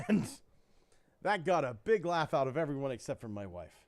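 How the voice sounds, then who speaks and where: A middle-aged man chats on a live podcast with a somewhat high voice. He tells stories in a loose, joking way and laughs often. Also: sing-song, normal speed. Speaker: podcast co-host. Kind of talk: casual live-stream chat.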